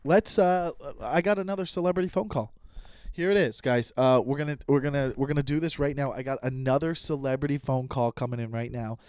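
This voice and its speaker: A man's voice: medium pitch, fairly quick, darkish tone, clean tone, dry recording, studio quality. A man hosting a comedy podcast, ranting in an exasperated monologue and acting out both sides of conversations. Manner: ranting, exasperated, acts out voices. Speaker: podcast host. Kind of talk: comic monologue.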